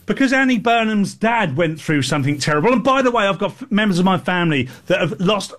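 Man, high voice, indignant, ranting political chat co-host. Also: expressive, fast talker, a bit bright.

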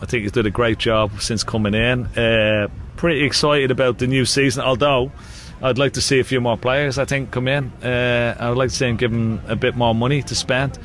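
A man's voice: mid-range voice, steady tone, fairly quick, hardly any pauses, a bit bright, slight background noise. A man with an Irish accent, a guest chatting casually in a radio interview, laughing often and using many fillers. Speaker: guest, former sports champion.

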